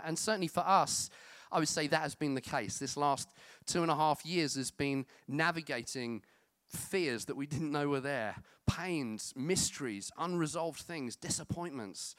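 Chatty pastor, crisp dry sound. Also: male voice, on the high side, fairly bright tone, no room sound. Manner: conversational, self-deprecating, with many fillers. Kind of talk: sermon.

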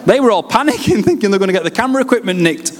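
A man's voice: high-pitched, racing, crowd noise. Yorkshire man preaching in a reverberant hall. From West Yorkshire, England. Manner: humorous, lively storytelling. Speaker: pastor. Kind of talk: preaching a personal testimony.

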